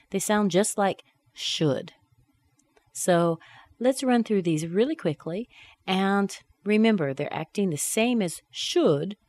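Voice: mid-range voice, a little mellow, dry recording. An English pronunciation teacher leads a lesson. The teacher models short question tags one by one, with rising and then falling intonation. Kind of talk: pronunciation lesson with repetition drills.

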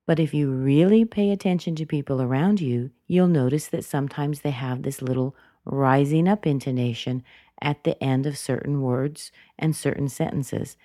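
A woman with a low, mellow voice gives a scripted pronunciation lesson. She speaks clearly and deliberately, and the recording sounds dry and close. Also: no echo. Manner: clear, deliberate modeling of intonation. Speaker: English pronunciation teacher. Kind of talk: scripted teaching narration.

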